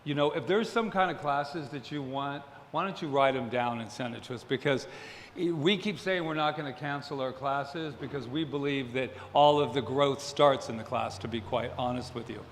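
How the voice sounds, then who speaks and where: A man's voice: mid-range voice, moderate pace, a little hiss or hum. A man who leads a spiritual center, making casual church announcements with a joking, self-deprecating manner. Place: church hall. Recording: echoey hall, faint ambience.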